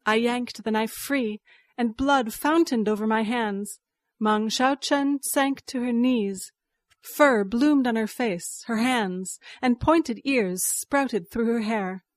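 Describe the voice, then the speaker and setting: Woman narrator, higher voice, unhurried, dry studio read. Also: dry recording. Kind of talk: scripted story narration.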